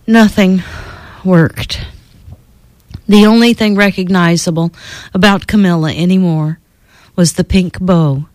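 A woman reading a children's storybook aloud in an expressive, lilting storytelling manner. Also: on the low side, no room sound.

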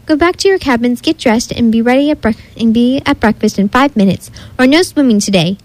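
A woman's voice: fairly high pitch, a little fast, darkish tone, no room sound, natural voice, low-quality recording. Brief: woman playing a firm, scolding counselor, dry storybook read. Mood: stern. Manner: stern, scolding. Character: stern adult female camp counselor.

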